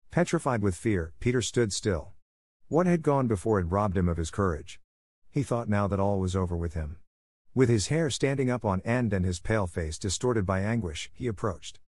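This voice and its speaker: A man narrates a classic story in a steady, even reading voice and sometimes reads the punctuation aloud. His voice sits low, and the recording is completely dry and close. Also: fairly quick, no room sound. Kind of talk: scripted audiobook narration for English learners.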